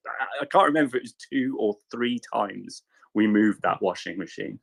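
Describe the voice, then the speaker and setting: A man in casual chat, telling a rambling anecdote with lively quoted voices. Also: mid-range voice, moderate pace, creaky. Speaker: panelist.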